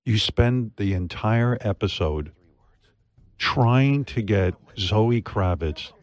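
Low-voiced, profane male podcast host. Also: expressive, takes it slowly. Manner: rambling, profane, lots of fillers and restarts. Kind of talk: casual interview chat.

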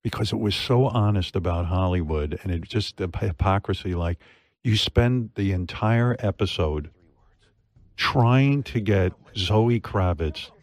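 Lower-voiced enthusiastic male host. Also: measured pace, a little mellow, no room sound. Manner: enthusiastic, profane, filler-heavy. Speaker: talk show host. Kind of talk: casual interview chat.

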